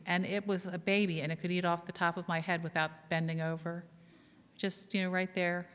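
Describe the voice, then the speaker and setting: A woman pastor preaches a conversational sermon in a slightly low voice. She keeps asking the congregation questions and jokes at her own expense. Her voice rings with the long reverb of a church sanctuary. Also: a bit bright. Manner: conversational, asks the congregation questions, self-deprecating humor.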